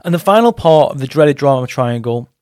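A man's voice: medium pitch, expressive, brisk, a little mellow, no echo, studio quality. A man hosting a podcast, telling a story in a frank, blunt way with some coarse words. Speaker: podcast host and men's coach. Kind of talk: casual podcast monologue.

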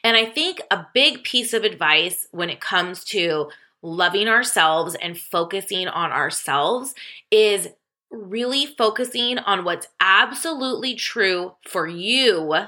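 A woman hosting a self-help podcast as a life coach, talking casually, laughing often, swearing freely and jumping way up in pitch when she quotes herself. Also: lively intonation, slow, bright, forceful tone. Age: adult, divorced.

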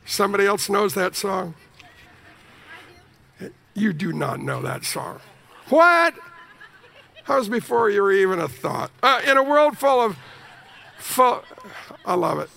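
Animated, gravelly high-voiced preacher man. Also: unhurried, pauses often. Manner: animated, jokey, sings snippets of hymns. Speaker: pastor. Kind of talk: sermon.

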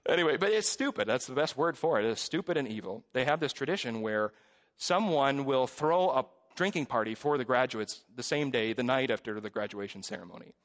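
A man in his forties, a pastor, preaching a sermon in a church in a conversational, animated storytelling way with self-deprecating jokes. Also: mid-range voice, brisk. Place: church sanctuary. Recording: long reverb of a church hall.

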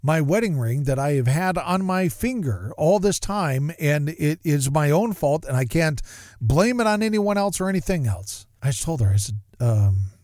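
A man's voice: fairly high pitch, sing-song, moderate pace, darkish tone, no echo, studio quality. A middle-aged man hosting a talk show, telling a personal story in a rambling, self-deprecating way, often stumbling over and repeating words.

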